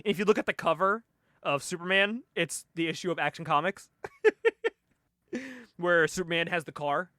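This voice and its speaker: Animated high-voiced man. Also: no echo, studio quality. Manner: animated, laughs often, acts out characters in quick voices. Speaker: podcast co-host. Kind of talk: casual comic book podcast chat.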